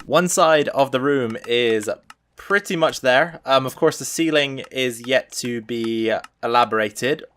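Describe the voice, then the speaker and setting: A man hosting a let's play, casually narrating his building plans and thinking aloud with frequent pauses and fillers. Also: mid-range voice, a bit bright. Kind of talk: casual gameplay commentary.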